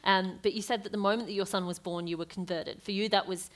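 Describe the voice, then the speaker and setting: A woman's voice: medium pitch, fairly even intonation, fast talker. Dry-witted woman host. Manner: dry wisecracks. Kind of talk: interview questions.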